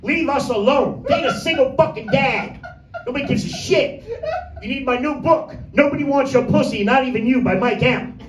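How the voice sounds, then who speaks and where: A man's voice: very high voice, moderate pace, slight background noise. Brash, vulgar male stand-up in an echoey room. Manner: brash, vulgar, rambling with crowd asides. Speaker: stand-up comedian. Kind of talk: crude stand-up set. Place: small comedy room with few people. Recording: echoey room, mic from a distance.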